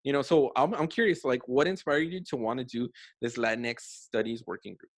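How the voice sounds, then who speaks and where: A man's voice: mid-range voice, fairly quick, no room sound. A young man hosting a casual conversation, chatty with many fillers and frequent laughter.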